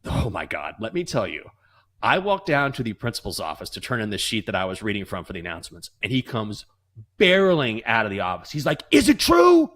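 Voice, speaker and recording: Animated male sports-betting show host. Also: lowish voice, a little fast. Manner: animated, acts out voices in anecdotes. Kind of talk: casual storytelling and sports betting chat.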